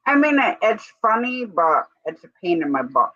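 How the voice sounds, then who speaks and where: A woman's voice: medium pitch, very animated, moderate pace, sharp tone, no room sound. A woman co-hosting a live stream in a casual, rambling chat, breaking off now and then to give commands to her dog. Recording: dull lo-fi stream audio.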